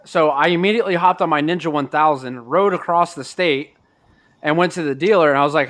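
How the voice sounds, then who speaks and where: A young man chatting casually with fellow riders, telling an animated story. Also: on the high side, fairly quick. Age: young adult. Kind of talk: casual chat.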